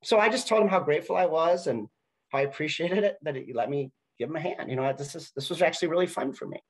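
Husky-voiced man telling a story. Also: fairly high pitch, fast talker, low-quality recording. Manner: conversational, anecdotal, with frequent restarts. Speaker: speaker at a university talk. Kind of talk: storytelling talk.

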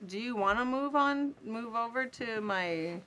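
A woman hosting a casual livestream from her bed. She switches from loud, high baby-talk with her dog to low, relaxed chat. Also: unhurried. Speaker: streamer host. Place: bedroom, indoors. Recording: noisy home stream audio.

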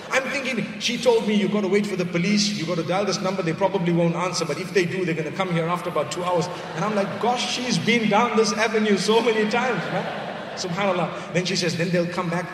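High-voiced man preaching in a hall. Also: noisy background. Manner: storytelling, lively, drops low for asides. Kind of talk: sermon with personal story. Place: large hall. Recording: echoey hall recorded from far off.

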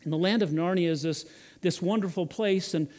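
Slightly high-voiced male pastor. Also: a little fast, a little mellow. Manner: repeats and restarts words. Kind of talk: sermon storytelling.

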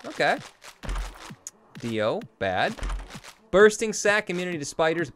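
A young man talks through his gameplay in a fairly high, very lively voice that swings from fast mutters to sudden whoops. He swears casually and reacts loudly to every surprise. Game music plays clearly behind him. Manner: excitable, swings from mumbling to whooping, swears freely. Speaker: gaming YouTuber. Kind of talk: Let's Play commentary.

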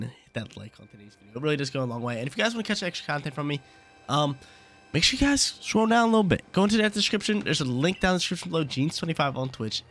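A man's voice: mid-range voice, a bit bright. Young man, casual game commentary, slangy and easygoing, faint game music under. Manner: laid-back, slangy, repeats phrases. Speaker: gaming channel host.

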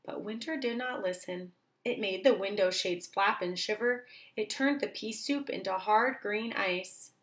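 A woman teacher reading a children's book aloud, slowly and clearly for young children. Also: mid-range voice, fairly bright tone.

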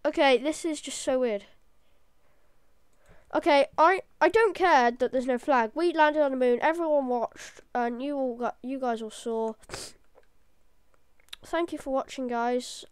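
High-pitched, hyper gaming commentator woman. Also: unhurried, smooth, dry recording. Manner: excitable, hyper, rambling with restarts. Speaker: gaming channel host. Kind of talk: live gameplay commentary.

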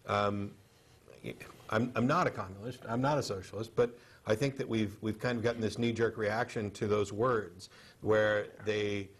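A man co-hosting a studio panel discussion on a cable TV show, speaking in a measured, halting way with many fillers and restarts. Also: lowish voice, fairly even intonation. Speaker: TV show co-host.

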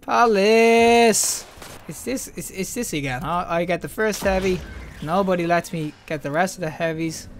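A young man giving excitable live commentary over his own gameplay, yelping and laughing when things go wrong. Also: fairly high pitch, a little fast, a little hiss or hum. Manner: excitable, yelps and laughs at deaths. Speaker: gaming YouTuber.

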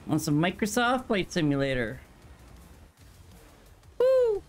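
Man, gamer, excitable, profane, talks to himself, lively bouncy pitch, slightly high voice, small room. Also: normal speed, faint music behind. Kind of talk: casual gameplay commentary. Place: small hot room at his computer.

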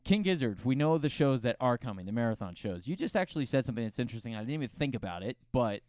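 A man's voice: medium pitch, very animated, fast, darkish tone, no room sound, studio quality. A man co-hosting a casual podcast, upbeat and jokey, quizzing his co-host. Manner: upbeat, jokey, asks questions.

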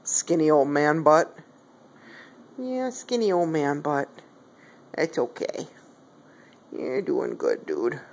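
A woman talks to her cat at home, filmed on a phone, in coaxing, affectionate pet talk. Her voice leaps and dives over a very wide span while her pace stays slow and drawn out. The tone is gravelly and husky. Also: deep voice, sing-song, darkish tone. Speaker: pet owner. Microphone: phone camera.

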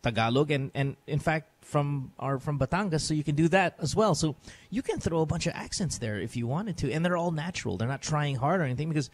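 A man's voice: on the high side, expressive, brisk, a little hiss or hum. A man hosting a podcast in casual chat, brash and joking, cursing freely, speaking American-accented English. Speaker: podcast host.

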